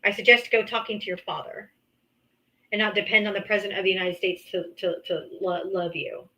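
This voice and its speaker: A woman hosts a livestream call-in, arguing politics bluntly and with profanity while cutting in on her guest. Her mid-range voice is bright and forceful, fairly even in intonation and a little fast. The recording quality is low.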